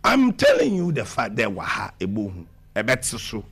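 A man, answering questions in an animated conversational interview and mixing English with Twi. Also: lowish voice, normal speed, vocal fry, breathy edge. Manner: mixes English with Twi, talks over the interviewer.

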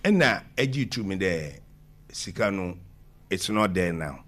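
Animated man, lively pitch. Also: takes it slowly. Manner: mixes English with Twi, talks over the interviewer. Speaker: interviewee. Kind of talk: animated conversational interview.

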